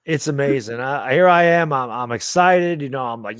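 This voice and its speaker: Man, sports podcast co-host, exasperated and rambling, slightly high lively voice. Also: a little fast, few pauses, smooth, no room sound, clean studio sound. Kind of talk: casual sports chat.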